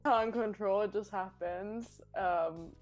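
A woman's voice: mid-range voice, slow. Woman, casual chat, mixed British-Australian accent, laughs a lot; faint music underneath. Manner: chatty, laughs often, mixes British and Australian slang.

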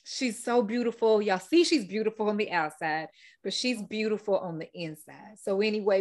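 A woman's voice: mid-range voice, normal speed, a little mellow. Heartfelt woman podcast host. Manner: heartfelt testimony, repeats words, fillers. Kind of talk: casual faith-based podcast talk.

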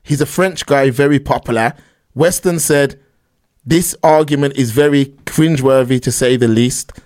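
A man hosting a casual reaction stream, animated and talking straight to his chat. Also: medium pitch, normal speed. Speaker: stream host reacting to a clip.

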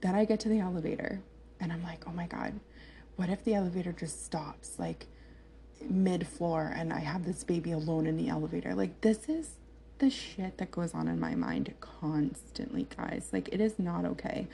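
Gravelly low-voiced woman chatting. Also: expressive, moderate pace, mellow, a little hiss or hum. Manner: chatty and candid, full of "like" and laughs. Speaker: vlogger telling her birth story. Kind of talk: casual storytelling to camera.

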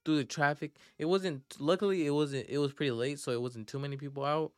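A man's voice: fairly high pitch, fairly even intonation, fast, darkish tone, smooth, no room sound. A young adult man hosting a podcast, telling a story casually in profane slang that rambles and restarts often. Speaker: podcast host.

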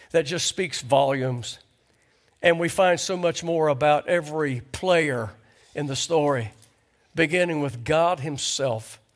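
A pastor preaching a conversational sermon in a church, asking the congregation rhetorical questions. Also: male voice, on the high side. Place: church sanctuary.

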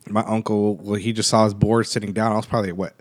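Relaxed man telling a story. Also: fairly low pitch, quick pace. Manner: relaxed anecdotal storytelling, casual swearing. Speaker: podcast co-host. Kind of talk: casual chat.

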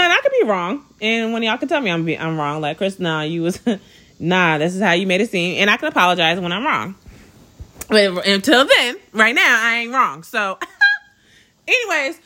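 A young woman talks into her podcast mic in a loose, slangy monologue, laughing through her own story. Her voice sits at a middle pitch and stays conversational, with plenty of amused asides. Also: pushed and bright. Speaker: podcast host.

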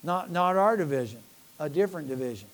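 A man's voice: on the high side, expressive, quick pace. A middle-aged American man preaching a sermon with rising fervor, addressing his congregation directly. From United States. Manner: impassioned, rising to near-shouting, talking directly to a congregation. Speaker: pastor.

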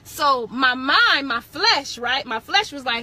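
A woman's voice: sits high, expressive, slow, hardly any pauses, bright, forceful tone. A young woman hosting a podcast, telling a candid faith testimony in a casual chat, laughing often and stopping to correct and backtrack. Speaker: podcast host.

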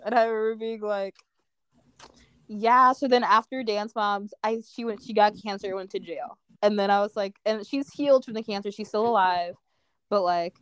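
A woman's voice: a little high, smooth, dry recording. A young woman co-hosting a casual podcast, giggly and easygoing, often trailing off mid-thought. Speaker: podcast co-host. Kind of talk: casual chat.

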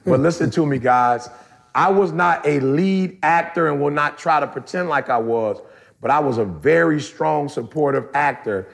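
Gravelly, higher-voiced male storyteller. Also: normal speed. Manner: animated storyteller, colloquial, addresses listeners directly. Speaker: podcast co-host. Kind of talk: casual storytelling chat.

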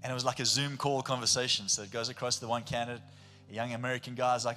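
A male pastor with a South African accent preaching a sermon, telling stories with animation and swinging between a hush and a shout. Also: mid-range voice, little pitch movement, very fast. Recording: long hall reverb with faint music.

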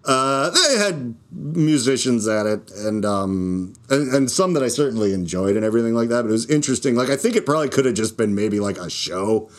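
A man's voice: mid-range voice, animated, fairly quick. A man hosting his own show, a stand-up comic talking in a casual, rambling monologue, restarting sentences and laughing at his own jokes. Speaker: podcast host and stand-up comic.

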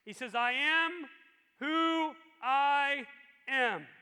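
A male pastor preaching a sermon with animated emphasis. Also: very high voice, very slow. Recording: long reverb in a large hall.

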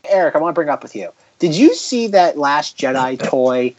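A man's voice: on the high side, animated, darkish tone. A male podcast host in loose, casual chat. He jokes wryly and keeps nudging the conversation back on track. The recording is dull and lo-fi. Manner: wry, quick to steer the talk.

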